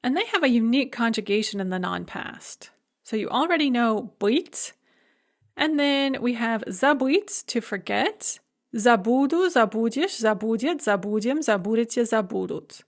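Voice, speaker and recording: A woman's voice: fairly high pitch, lively intonation, normal speed. Methodical woman teaching a lecture. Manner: methodical, spells out verb forms one by one. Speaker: language teacher. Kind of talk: recorded lecture.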